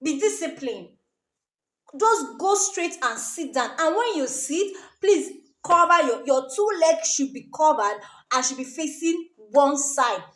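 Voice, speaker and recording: A woman's voice: high voice, expressive, unhurried, fairly bright tone, roomy sound. A woman with a Nigerian accent giving emphatic advice to camera, repeating her warnings and tagging sentences with "oh" and "okay?". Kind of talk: casual advice talk to camera.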